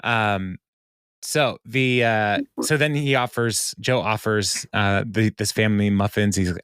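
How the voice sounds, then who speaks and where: Man, low voice, dry close sound, rambling podcast chat, fillers and laughs. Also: fairly even intonation, measured pace, a bit bright, smooth, no room sound. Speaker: podcast co-host. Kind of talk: casual chat recapping a TV episode.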